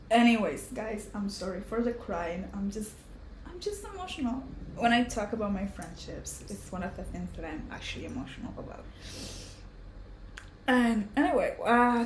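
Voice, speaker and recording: Chatty young woman in an echoey room. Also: mid-range voice. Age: 20s. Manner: chatty and emotional, many fillers and restarts. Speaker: podcast host. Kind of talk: casual personal chat. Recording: roomy echo with faint background hum.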